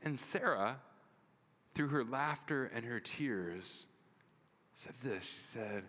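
A man's voice: mid-range voice, lively intonation, slow pace, pushed and bright. A man pastor preaching in a conversational, earnest sermon, retelling a story with many repeats and "like"s. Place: church. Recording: long hall reverb.

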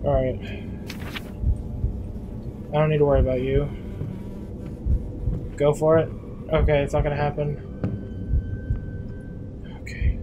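A man's voice: on the high side, flat delivery, a little slow, long pauses, highs cut off, background noise. A man playing a horror game and commentating, muttering to himself and swearing when he gets startled. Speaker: gameplay YouTuber.

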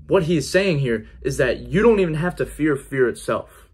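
A man's voice: medium pitch, animated, moderate pace, a little hiss or hum. A man giving an earnest personal faith testimony in a conversational vlog style, repeating key phrases for emphasis. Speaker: faith vlogger.

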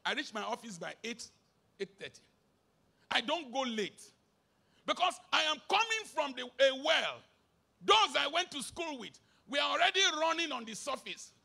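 A middle-aged Nigerian man with a Nigerian accent preaches an emphatic sermon, slipping into Pidgin as he swings between shouted bursts and low asides. His gravelly voice has a sing-song quality and a moderate pace.

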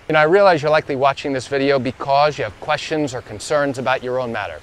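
A man's voice: mid-range voice, fast talker, hardly any pauses. A middle-aged man, a lawyer telling a story to camera outdoors on a beach, emphatic and fond of repeating phrases for stress.

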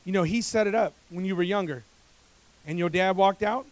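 A man preaching as a pastor, moving from hushed, confiding passages to loud, climbing exhortations. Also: high-pitched, a little fast. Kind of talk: sermon.

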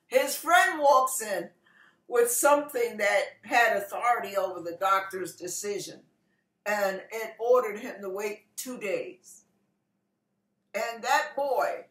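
Fervent woman preaching, high and slow. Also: echoey room. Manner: swings from hushed, slow teaching to tearful, shouting fervor. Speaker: pastor. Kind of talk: impassioned online sermon.

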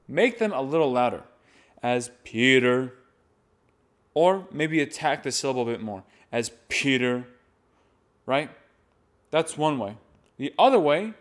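Young male chant teacher, slightly high voice, instructional delivery. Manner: demonstrates by reading and chanting examples. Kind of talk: instructional talk.

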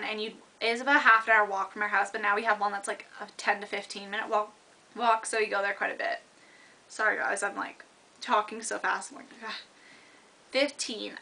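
A woman's voice: a little high, bright, forceful tone. A young woman in university chatting casually to camera, rambling with lots of fillers and restarts. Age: young adult. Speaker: vlogger.

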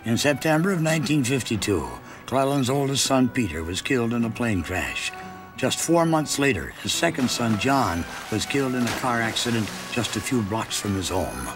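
A man narrating a local history documentary in a measured, storytelling way. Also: medium pitch, animated. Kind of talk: scripted narration. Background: music.

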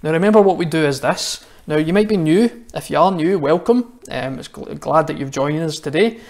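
A man's voice: on the high side, moderate pace. A man with a Scottish accent giving a friendly children's talk for an online church service, chatting directly to the young viewers at home. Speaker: church minister. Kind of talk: children's address.

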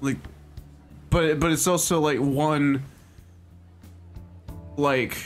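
A man's voice: a little high, fairly even intonation, extremely slow. Chatty man streaming a game. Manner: rambling and chatty, lots of "like", laughs often. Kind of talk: casual gaming commentary. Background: game music.

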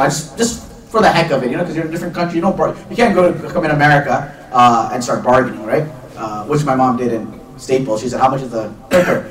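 A man giving a live religious lecture to an audience, telling chatty stories with quick asides. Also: medium pitch, fairly bright tone. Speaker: Islamic teacher. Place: lecture hall before an audience. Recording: echoey room, mic far off.

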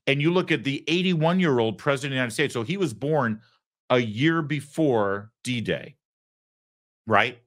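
A man hosting a political commentary show, talking in a sarcastic, indignant way. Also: mid-range voice. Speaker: host.

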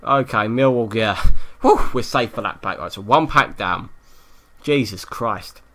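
A man giving live gameplay commentary, excitable, swearing often and yelling at the game. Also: on the low side, measured pace. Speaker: gaming YouTuber.

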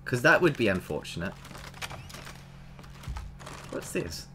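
A man giving casual, animated commentary while playing a horror game, exclaiming and chatting to his viewers. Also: fairly low pitch, unhurried, pauses often, slight background noise. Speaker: let's play gamer.

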